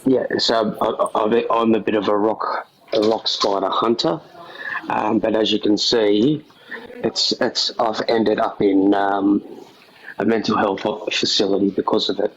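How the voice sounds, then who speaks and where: A man's voice: lowish voice, flat delivery, unhurried. Aussie guy calling in, lots of ums, kinda muffled, faint hiss. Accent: Australian. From Australia. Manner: hesitant, lots of ums, friendly. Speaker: caller. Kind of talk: casual chat.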